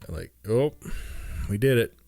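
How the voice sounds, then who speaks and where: A man telling a funny family story in a casual, animated way, jumping in pitch as he acts out what people said. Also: normal speed, gravelly, dry recording. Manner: animated, acts out quotes with big pitch jumps. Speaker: storyteller comedian. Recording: faint guitar music behind.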